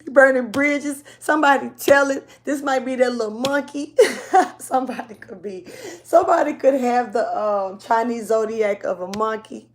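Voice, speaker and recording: A woman speaking gives a relaxed spiritual reading, her voice a little raspy from allergies. She sits somewhat high in pitch and talks loosely, full of slang, often trailing off mid-thought. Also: moderate pace, a little hiss or hum. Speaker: tarot reader.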